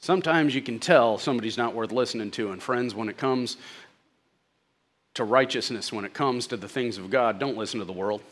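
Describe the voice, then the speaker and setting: A man preaching a sermon who swings from loud exclamations to hushed lines and drops in folksy, joking asides. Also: medium pitch, fairly quick.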